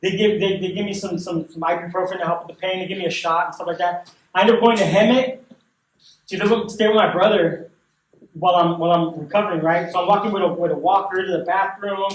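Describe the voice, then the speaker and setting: A man's voice: high-pitched, steady tone, quick pace. A man giving a personal recovery testimony in casual storytelling, with slang and repeated phrases. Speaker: recovery speaker. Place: recovery service hall. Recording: echoey room from far off.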